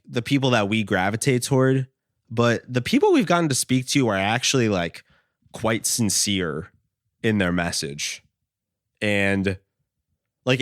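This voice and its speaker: A young man hosts a podcast in a very low voice, talking casually and rambling with plenty of fillers and the odd curse word. The sound is close and dry, with no room to it. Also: a bit bright, dry recording. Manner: rambling, lots of "like" and "you know", casual swearing. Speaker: podcast host.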